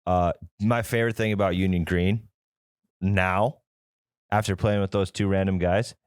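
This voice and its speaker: A young man with a lowish voice co-hosts a casual golf podcast. He tells stories full of swearing and acts out both sides of the exchange. The recording is dry and close. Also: fairly even intonation, moderate pace, clean tone, dry recording. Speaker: podcast co-host. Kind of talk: casual chat.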